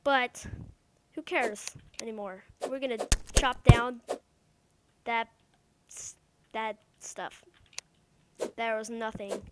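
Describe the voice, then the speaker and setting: A woman giving casual, excitable let's-play commentary, talking to the game's creatures and repeating words as she plays. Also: on the high side, takes it slowly, long pauses, heavy background noise. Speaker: gamer.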